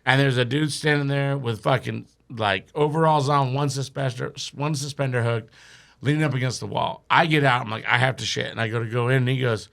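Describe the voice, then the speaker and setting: Gravelly, bright-voiced man telling stories. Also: medium pitch, normal speed. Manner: profane, animated, laughs mid-sentence. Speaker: podcast guest. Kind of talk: casual comedic storytelling. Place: podcast studio.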